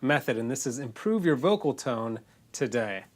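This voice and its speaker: A man's voice: mid-range voice, animated, normal speed. A man with a congested, nasal voice, teaching singing in a loose, casual lesson full of restarts. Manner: loose, demonstrating, self-correcting.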